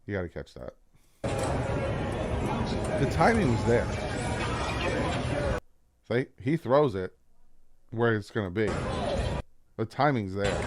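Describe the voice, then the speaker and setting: Low-voiced New Jersey man. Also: slow, pauses often, very noisy. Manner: excited, play-by-play explaining. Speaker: sports commentator. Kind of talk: casual football breakdown over video clips.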